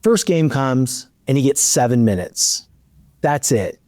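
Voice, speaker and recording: Animated storytelling man, dry sound. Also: mid-range voice, measured pace, dry recording. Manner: animated, acts out dialogue in his storytelling. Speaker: podcast host. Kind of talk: storytelling in a casual interview.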